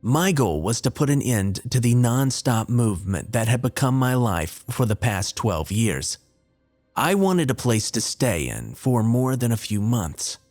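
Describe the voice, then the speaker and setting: A man's voice: medium pitch, very animated, a little slow, a little mellow. A man narrating a scripted horror story in a wry, dry, confessional tone. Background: faint music.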